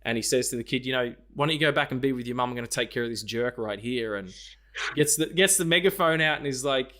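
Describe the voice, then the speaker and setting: A man's voice: medium pitch, fast talker, a bit bright. A man co-hosting a casual film podcast, swearing freely and acting out scenes in quoted voices. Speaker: podcast co-host.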